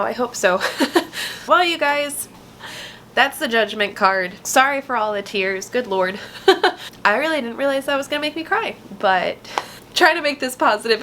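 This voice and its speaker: An earnest woman speaks to her viewers in a relaxed vlog style, explaining a tarot card with heartfelt warmth. Her voice sits at a middle pitch, and a faint hum of room noise lies under it. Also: poor audio. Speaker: vlogger and tarot artist.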